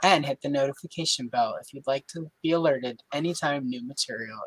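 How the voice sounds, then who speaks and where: A woman voicing an over-the-top female newscaster, with slow, stiff announcer delivery in a mock sign-off. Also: a bass voice, slightly rough, low-quality recording. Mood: exaggerated formal.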